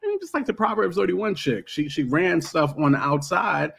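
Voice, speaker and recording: Guy hosting a chill podcast, voice a bit high, lots of um and yada yada. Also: big pitch swings, moderate pace, creaky, husky. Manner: loose and filler-heavy, with playful "yada yada, boom boom" asides. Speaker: podcast host. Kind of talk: casual podcast discussion.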